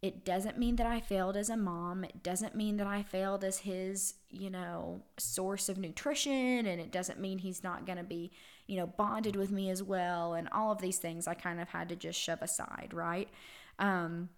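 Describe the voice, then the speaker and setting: A woman's voice: medium pitch, steady tone, normal speed. A young woman hosting a podcast, telling a personal story in an earnest, emotional way with many fillers and restarts. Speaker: podcast host.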